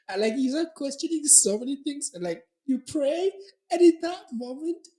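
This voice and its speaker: A man's voice: extremely high pitch, normal speed. Guy on a podcast telling a wild story, voice jumps all over, echoey room. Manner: animated, lots of filler words and laughing. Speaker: podcast host. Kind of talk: casual storytelling. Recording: roomy echo.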